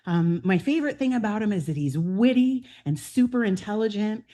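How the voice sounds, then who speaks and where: A woman in her fifties, president-elect of a club, talking casually and warmly through family photos at a meeting, with frequent "um"s. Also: medium pitch, lively intonation, a little fast. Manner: chatty and heartfelt, with fillers and laughs. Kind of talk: personal slideshow talk to a club meeting. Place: meeting room.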